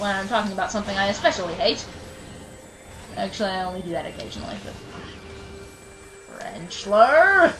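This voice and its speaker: A female let's play commentator with a mid-range voice keeps up casual, self-mocking chatter over game music, now and then erupting in mock rage at enemies. The recording is rough.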